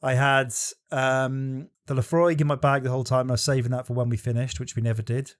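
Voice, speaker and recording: A man's voice: mid-range voice, flat delivery, brisk. Man telling a profane travel story. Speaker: podcast co-host. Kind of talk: casual podcast chat.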